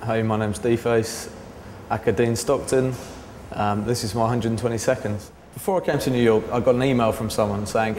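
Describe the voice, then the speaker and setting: Casual storyteller, a man who rambles and swears, pitch jumping up for quotes, recorded in a reverberant room. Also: steady tone, brisk, a little mellow, a little hiss or hum. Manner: rambling, says "like" often, swears freely; raises his pitch sharply to act out quoted people. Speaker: artist telling a story. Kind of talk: casual anecdote to camera. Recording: echoey room with long reverb.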